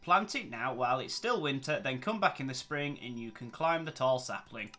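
A man narrating his gameplay with excitable, exclamatory commentary and faint music behind. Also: medium pitch, moderate pace. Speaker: gameplay channel host. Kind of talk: let's play commentary.

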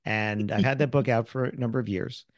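American man, middle-aged, animated storyteller, mid-pitched voice, dry close sound. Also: fairly quick, dry recording. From United States. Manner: animated storyteller who acts out quoted people. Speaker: guest, sales author and speaker. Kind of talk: casual interview storytelling.

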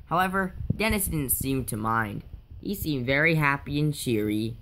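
A woman narrating a homemade toy train story softly, with small restarts. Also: extremely low pitch, animated, moderate pace, a little hiss or hum.

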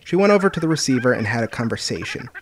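A man's voice: medium pitch, big pitch swings, rapid-fire, no room sound. A man narrating a homemade storybook in a plain reading voice, with occasional stumbles.

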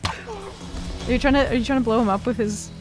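A woman's voice: on the high side, big pitch swings, normal speed, music in the background. A woman co-hosting a let's-play, chatting and teasing casually while her partner plays. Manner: chatty, teasing, asks questions. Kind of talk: casual gameplay chat.

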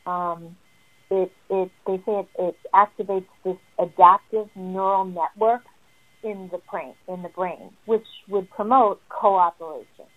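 A woman's voice: mid-range voice, steady tone, a little slow. A woman therapist explaining parenting advice in an earnest, emphatic teaching tone. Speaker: family therapist. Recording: tinny phone-like sound.

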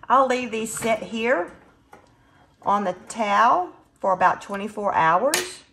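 A friendly woman with a drawl talks viewers through her canning in a home kitchen. Her voice sits at a middling pitch, and she keeps up an easy, chatty running commentary on each step as she works. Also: a bit bright. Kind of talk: casual cooking demonstration.

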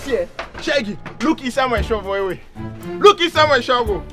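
High-voiced Nigerian man, hushing tone. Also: moderate pace, over music. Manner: calming, dismissive, hushing. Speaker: shop owner character in a skit. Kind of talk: Nigerian Pidgin comedy skit.

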